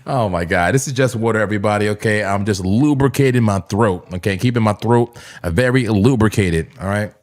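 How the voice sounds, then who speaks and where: A man hosting a live crypto trading stream, excitable and casual, laughing often and bursting into shouts as he banters with his chat. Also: on the low side, a little fast, hardly any pauses. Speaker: crypto trading livestream host. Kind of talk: hyped live trading commentary.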